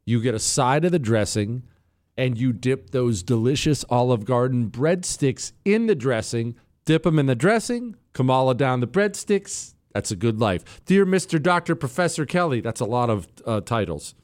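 A man hosting a talk radio show, chatting casually and reading listener emails, his voice jumping up when he sounds incredulous. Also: moderate pace. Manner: animated, swings high when incredulous.

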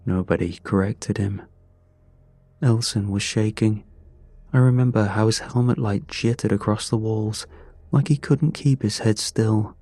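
Male horror storyteller: low-pitched, grim, measured, unhurried, dry close sound. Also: fairly even intonation, dark tone, dry recording. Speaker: narrator. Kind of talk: scripted horror narration.

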